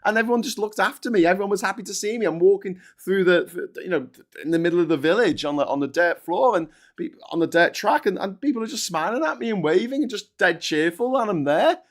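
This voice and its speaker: Sweary man ranting, higher voice. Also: expressive, fast talker. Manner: sweary and heated, with stammered restarts. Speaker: host. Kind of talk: ranting monologue.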